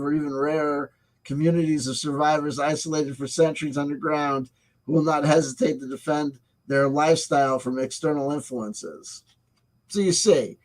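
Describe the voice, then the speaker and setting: A man with a slightly high voice reviewing a tabletop game supplement in a casual way. He reads the text aloud and cuts in with sarcastic, profane remarks.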